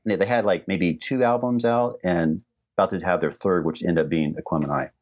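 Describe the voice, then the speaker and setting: Middle-aged male storyteller, very deep voice, loose and rambling, lots of restarts. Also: a little fast, darkish tone. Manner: rambling, many restarts and fillers. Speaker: animator guest telling stories. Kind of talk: casual storytelling on a livestream.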